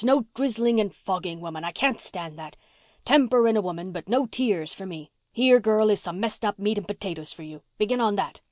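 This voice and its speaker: A gruff old farmer, bossy and teasing, who barks his points twice over, as a woman reader puts him on. The voice sits at an ordinary middle pitch, and the audiobook sound is close and dry with no room around it. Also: a little mellow, no echo, lightly acted. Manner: bossy, teasing, repeats himself. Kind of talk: audiobook reading.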